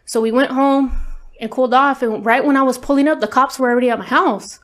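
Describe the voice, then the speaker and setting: A woman's voice: high-pitched, fairly even intonation, brisk. A woman speaking as an interview guest, telling a personal story in a casual, candid way, swearing often and leaning on fillers. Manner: candid, profane, lots of fillers.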